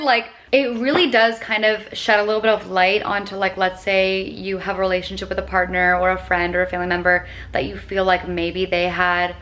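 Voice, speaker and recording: A young woman in her twenties vlogs casually into a phone camera. Her delivery is bubbly and excitable, thick with casual filler, at a mid-range pitch for a woman. When she reads aloud from a book, she settles into a steadier tone. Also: brisk, hardly any pauses. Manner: bubbly and excitable, heavy on filler words like "dude" and "like". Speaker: lifestyle vlogger. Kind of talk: casual chatty vlog.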